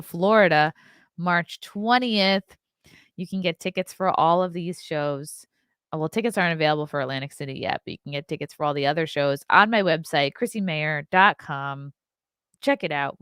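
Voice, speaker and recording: A woman's voice: sits low, a bit bright, clear, resonant tone, no room sound, clean studio sound. A woman hosting a casual morning livestream, chatting loosely with her viewers and yawning now and then. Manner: chatty, keeps yawning and laughing. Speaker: podcast host.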